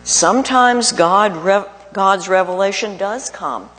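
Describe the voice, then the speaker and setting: A man preaching a sermon, speaking slowly and deliberately with emphatic pauses. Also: high-pitched, sharp tone, soft background music. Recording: long reverb of a large hall.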